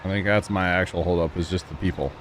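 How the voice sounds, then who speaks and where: Streamer, male, low voice, loose rambling chat with viewers, light background hum. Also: fairly even intonation, fast talker. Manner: rambling, talks to chat, chuckles at himself. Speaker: livestream gamer. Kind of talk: casual stream chat while playing.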